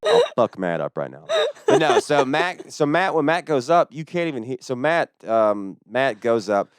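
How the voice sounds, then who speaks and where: A young man, a stand-up comedian telling a story in casual chat, fast and full of swearing. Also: mid-range voice, huge pitch swings, clean tone, no echo, clean studio sound. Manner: fast-talking, profane.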